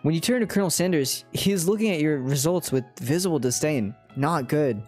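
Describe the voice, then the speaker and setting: A woman's voice: deep voice, animated, brisk, few pauses, a little mellow, soft background music. A woman streaming casually, scatterbrained, swearing and laughing as she reads a game. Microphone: headphones and desk mic.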